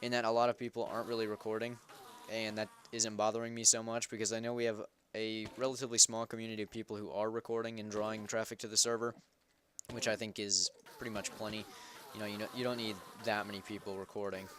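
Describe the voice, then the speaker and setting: A man's voice: fairly low pitch, little pitch movement, fast, fairly bright tone, a little hiss or hum. A young man hosting a game server, giving casual gameplay commentary in a rambling, self-correcting way. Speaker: Minecraft server host.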